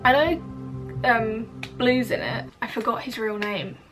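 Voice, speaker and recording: Give me a young woman with a high voice, excitedly commenting on a show over background music. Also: a little slow. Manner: gushing, exclamatory, chatty. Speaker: reaction video host. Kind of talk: casual reaction commentary.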